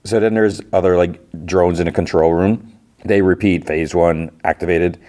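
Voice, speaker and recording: A man's voice: deep voice, steady tone, moderate pace, mellow. A man hosting a podcast, casually recapping a TV episode in a loose, filler-heavy way. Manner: rambling, filler-heavy retelling with many "like" and "you know". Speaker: podcast host.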